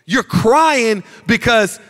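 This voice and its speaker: A man preaching from the pulpit with a high voice, repeating phrases and lifting them into shouted, sing-song emphasis. His sermon rings with the long reverb of a church hall. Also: lively intonation, drawn-out words. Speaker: pastor. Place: church sanctuary.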